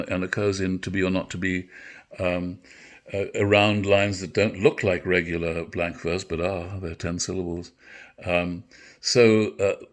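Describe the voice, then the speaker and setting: An older man giving a literature lecture, reflective and halting, often correcting himself. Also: low-pitched. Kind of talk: literature lecture with recited verse.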